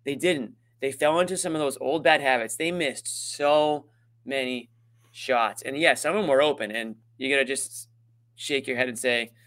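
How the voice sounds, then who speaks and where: A man's voice: medium pitch, moderate pace, fairly bright tone. A man co-hosting a postgame sports show, talking emphatically and venting his frustration about the game. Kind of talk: sports postgame analysis chat.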